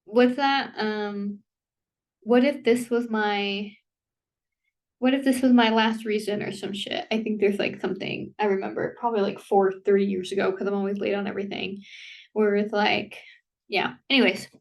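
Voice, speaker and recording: A woman's voice: medium pitch, steady tone, creaky. A woman vlogger rambles through a casual rant, breaking off mid-thought and apologizing as she goes. Her voice sits in an ordinary middle register and comes across slightly distant from the microphone. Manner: rambling, self-interrupting, full of "like" and quick apologies; laughs between thoughts. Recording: voice somewhat distant from the mic.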